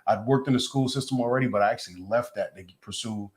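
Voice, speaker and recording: A man guest in a casual interview, telling his story in a relaxed, low-key way. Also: quick pace.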